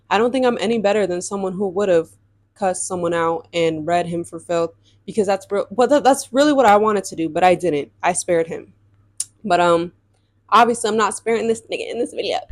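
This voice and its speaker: A young woman telling viewers a storytime about her dating life in a chatty, animated way. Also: mid-range voice, normal speed, no echo. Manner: chatty, addresses viewers as y'all, animated retelling. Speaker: storytime vlogger. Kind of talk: casual storytime vlog.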